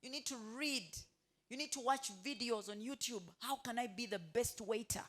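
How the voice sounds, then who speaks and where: A woman's voice: a little high, normal speed. A woman giving a motivational talk to hotel staff. She keeps asking the room questions and has them finish her sentences. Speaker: motivational speaker.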